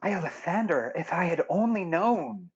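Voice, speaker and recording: A man's voice: fairly low pitch, steady tone, slow, no echo, highs cut off. A man voicing an exasperated young woman traveler. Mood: urgent.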